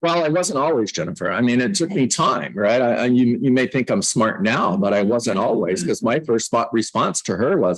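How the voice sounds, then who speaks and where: A man's voice: mid-range voice, animated, moderate pace, few pauses, slightly rough, rough recording. A middle-aged man coaching real estate agents, teaching a class on a book in a conversational way, with self-mocking jokes.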